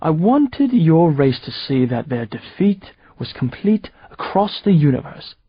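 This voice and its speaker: A man voicing a smug, mocking male alien overlord with an English accent, gloating in slow, drawn-out taunts. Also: on the high side, big pitch swings, breathy edge, no echo, muffled recording, pitched above the performer's own voice, exaggerated voice.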